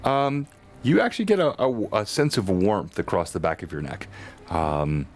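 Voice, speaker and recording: A man's voice: fairly low pitch, expressive. A man narrating as game master in a tabletop role-playing game, describing sensations to a player. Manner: descriptive narration with filler pauses.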